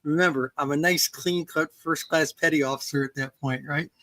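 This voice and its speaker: An older woman author telling a story in casual conversation, animated, acting out dialogue with some restarts. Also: deep voice, normal speed.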